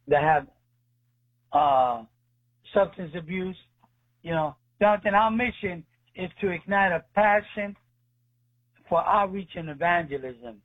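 A man telling his faith testimony as a guest, speaking earnestly and acting out the dialogue. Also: fairly high pitch. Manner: earnest, retells dialogue with voices. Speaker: ministry leader, guest. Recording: tinny phone line.

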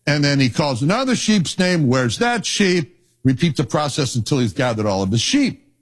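Husky older man preaching with stories. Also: on the high side, brisk. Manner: storytelling, animated, folksy asides. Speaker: pastor. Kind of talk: sermon with personal stories.

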